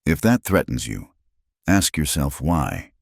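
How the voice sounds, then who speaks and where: A man's voice: extremely low pitch, big pitch swings, measured pace, creaky, dry recording, studio quality, heavily acted. A man voicing a proud, determined frontier woman who speaks firmly and defiantly in a storybook tale. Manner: firm, defiant.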